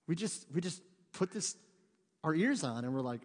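A man's voice: fairly high pitch, lively intonation, fairly quick, darkish tone. A man in his thirties preaching a conversational sermon, mixing jokes with fervent emphasis in a church. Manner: conversational, joking asides, rising to fervent emphasis. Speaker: pastor. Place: church sanctuary. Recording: long reverb of a church hall.

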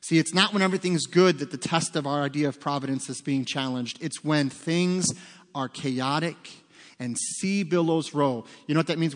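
A man's voice: a little high, moderate pace. A man preaching a sermon as pastor, talking conversationally with joking asides. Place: church sanctuary. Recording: long reverb of a large hall.

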